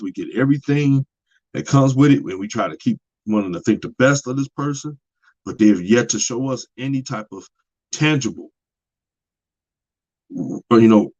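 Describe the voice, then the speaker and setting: A man's voice: mid-range voice, lively intonation, moderate pace, long pauses, darkish tone, husky, lo-fi sound. A man talking in a casual monologue about relationships, plain-spoken and preachy, repeating his points. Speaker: podcast host.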